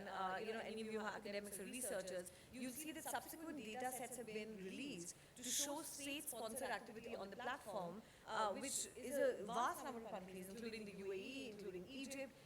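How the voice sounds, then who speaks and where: A woman speaks on a conference panel in a conversational way, often saying "you know". Her voice is a little high. Heavy audience noise is heard in the hall behind her. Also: brisk, few pauses, over a noisy crowd.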